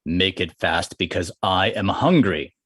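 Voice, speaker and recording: A man voicing a proud, hungry male tiger who scares easily, in a low, hushed, gruff voice for a told folktale. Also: lively intonation, a little slow, exaggerated voice. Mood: haughty.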